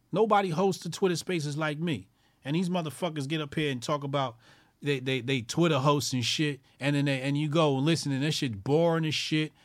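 A man's voice: a little high, fairly quick, no room sound, clean studio sound. A man hosting his own commentary show, ranting crudely with constant swearing, mocking people and repeating lines for emphasis.

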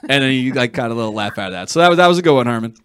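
A man hosting a sports talk show, casual and rambling, with halting restarts. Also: mid-range voice, expressive, fairly bright tone, slight background noise. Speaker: host.

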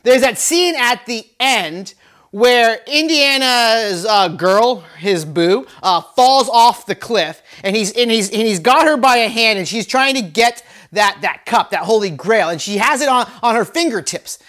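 A man's voice: extremely high pitch, expressive, unhurried, a bit bright. Conversational pastor man, dropping to whispers. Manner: conversational, repeats words, drops to whispers for emphasis. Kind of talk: sermon.

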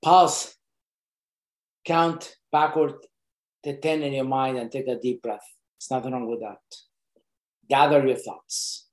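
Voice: mid-range voice, fairly even intonation, slow pace, pauses often. An earnest presenter giving casual, unscripted job-interview advice, repeating key points for emphasis. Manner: loose, unscripted phrasing with frequent restarts. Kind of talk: casual advice talk to camera. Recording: roomy echo.

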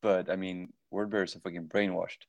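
A man's voice: low voice, level tone, fairly quick, vocal fry, darkish tone, dry recording, muffled recording. A man co-hosting a podcast in casual chat, laid-back and rambling. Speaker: podcast co-host.

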